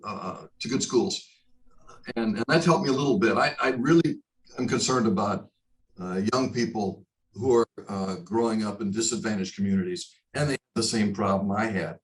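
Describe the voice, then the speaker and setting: A man being interviewed about his broadcasting career. He talks in short, reflective phrases and his pitch jumps up sharply when he stresses a point. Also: poor audio. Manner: animated, rises sharply in pitch for emphasis. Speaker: guest, broadcaster. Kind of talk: storytelling in a casual interview.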